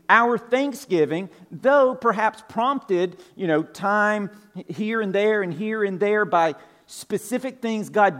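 Male pastor, slightly high voice, easygoing sermon delivery, restates points, loose filler words. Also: a bit bright. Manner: casual, repeats points, many "like" fillers. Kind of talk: conversational sermon. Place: church sanctuary.

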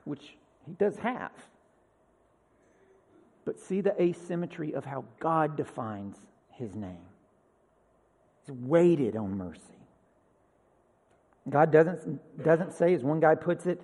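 An earnest man preaches a sermon as pastor, leaning hard on key phrases. He swings between loud emphasis and a hushed, almost whispered delivery. His voice sits high and carries a long, reverberant hall tail. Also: animated, takes it slowly, pauses often.

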